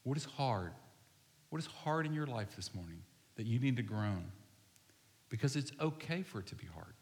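Male pastor, casual folksy preaching style, medium pitch, church hall with long reverb. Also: big pitch swings, moderate pace. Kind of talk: sermon and closing prayer. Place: church sanctuary.

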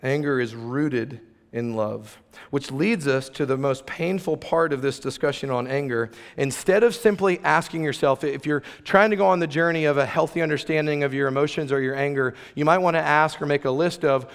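A man's voice: a little high, fairly quick. A man preaching a sermon as pastor, conversational and emphatic, with playful asides to the room. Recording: long reverb of a large hall.

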